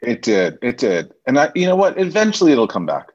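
A man, a stage actor and teacher, telling animated anecdotes as a podcast guest. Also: medium pitch, fairly quick, lo-fi sound. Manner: animated anecdotes, acts out quoted voices. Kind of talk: casual interview storytelling.

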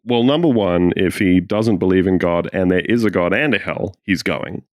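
A man co-hosting a podcast in casual comedic chat, arguing silly points in a deadpan, mock-earnest way. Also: sits low, normal speed, no room sound, clean studio sound. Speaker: podcast co-host.

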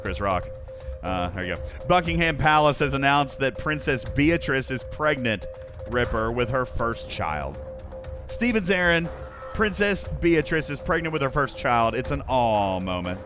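A man's voice: medium pitch, sing-song, a little slow, over music. A man with allergies and a congested throat, reading joke news stories to his live-stream chat and calling out viewers by name.

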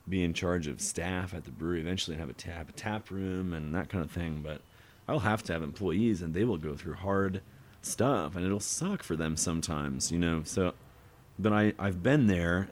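A man with a very low voice talks casually over beers, spinning restaurant anecdotes. He acts out the people in his stories with lively impressions. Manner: animated storyteller, acts out customers. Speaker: podcast guest.

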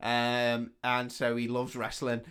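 A man's voice: mid-range voice, completely flat delivery, fairly bright tone, clean tone. Laughing, swearing man recapping a film. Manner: swearing, laughing, acting out film lines in quick impressions. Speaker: podcast co-host. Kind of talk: casual film-recap chat.

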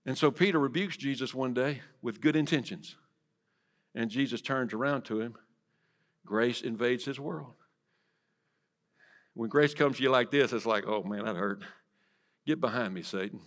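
A man preaching a sermon in church, swinging from loud to hushed and asking the congregation direct questions. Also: mid-range voice, moderate pace, pauses often. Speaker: pastor. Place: church sanctuary.

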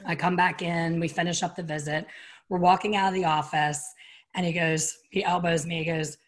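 A middle-aged woman with a lowish voice at normal speed, interviewed as a guest, tells a personal story with candor. She's animated throughout, giving voice to the people she quotes.

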